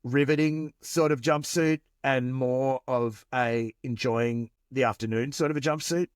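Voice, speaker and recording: A man's voice: medium pitch, steady tone, measured pace, smooth, no echo, clean studio sound. A man co-hosting a podcast, rambling in casual chat and swearing now and then. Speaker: podcast co-host.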